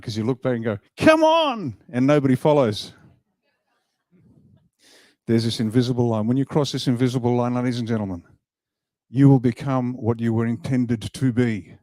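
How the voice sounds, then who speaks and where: A man delivering a rousing motivational speech to a hall, emphatic and full of asides. His voice is mellow and low-toned, and the sound is dry and close. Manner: emphatic, animated, jokes with the crowd. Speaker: party leader giving a speech. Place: event hall.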